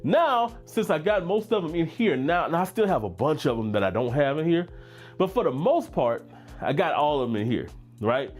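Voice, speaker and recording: A man's voice: fairly high pitch, big pitch swings, normal speed, faint music behind. A middle-aged man from Baton Rouge with a Louisiana accent, hosting a casual fragrance livestream. He talks in a laid-back, chatty way and reads comments from the chat aloud.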